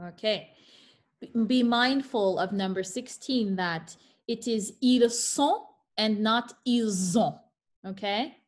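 A woman's voice: mid-range voice, slow. A woman teaching French pronunciation in an online class over a video call. She reads French examples carefully and adds playful asides.

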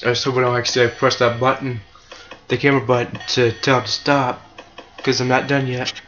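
A man's voice: mid-range voice, brisk. A young man casually commentating his own speedrun, rambling and self-mocking with sarcastic asides. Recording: muffled lo-fi with steady hiss.

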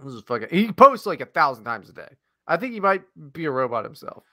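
A man co-hosting a podcast, chatting loosely with plenty of swearing and laughter. His voice sits fairly high and bright, and it swings widely in pitch. The recording is dry and close. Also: big pitch swings, no room sound. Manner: rambling, profane, quick to laugh. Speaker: podcast co-host. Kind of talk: casual podcast banter.

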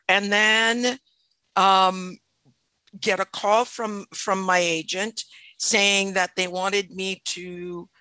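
A middle-aged woman from French Canada tells a story from her acting career on a podcast. Her voice is bright and forward, and the recording is close and dry with no room around it. She talks thoughtfully and often circles back to restart a sentence. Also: on the low side, no room sound. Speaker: actor, podcast guest. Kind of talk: casual interview storytelling.

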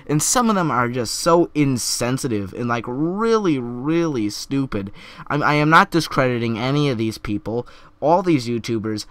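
Earnest, halting young man vlogging. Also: mid-range voice, fairly bright tone, clear, resonant tone, dry recording. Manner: earnest, halting, with frequent stumbles and repeats. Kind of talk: opinion commentary vlog.

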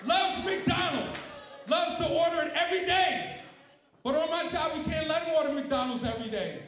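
A man's voice: very high voice, moderate pace, a bit bright, a little hiss or hum. A man doing a profane, punchy stand-up routine. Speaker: comedian. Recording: very echoey room with faint crowd.

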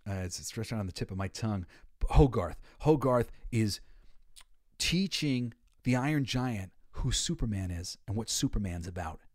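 A man hosting a podcast and giving casual, emotional commentary. He swings between soft, heartfelt stretches and loud, excited bursts. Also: on the low side, no echo, studio quality. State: tearful. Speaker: podcast host.

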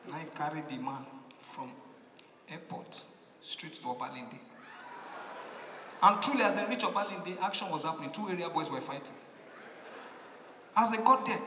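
A man's voice: sits high, normal speed, long pauses, reverberant, long reverb tail, a little hiss or hum. A man with a Nigerian accent doing stand-up comedy, telling a story and acting out its characters. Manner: animated storytelling, acting out voices, shouting punchlines.

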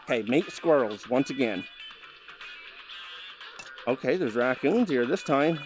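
A man's voice: medium pitch, lively intonation, a little slow, poor audio. A man commentating his VR gameplay, exasperated and ranting at the game with mild swearing. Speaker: gameplay host. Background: game music.

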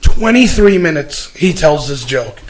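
A male host with a slightly raised pitch talks casually with his guest. He meanders through a long anecdote, dotting it with "uh" and "you know". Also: big pitch swings, measured pace, low-quality recording. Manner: meandering storyteller with many fillers. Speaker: show host. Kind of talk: casual chat.

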